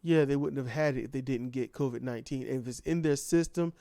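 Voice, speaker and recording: A man's voice: mid-range voice, fast talker, gravelly, warm tone, dry recording, studio quality. A man delivering an impassioned ranting monologue full of repeated rhetorical questions. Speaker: commentator.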